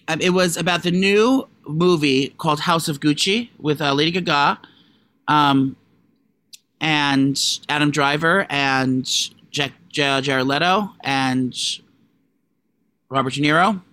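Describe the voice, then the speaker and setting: A man co-hosting a podcast, chatting casually and rambling with many fillers and animated jumps. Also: slow. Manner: rambling, lots of likes and ums, animated jumps in pitch. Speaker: podcast co-host. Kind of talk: casual gossip chat.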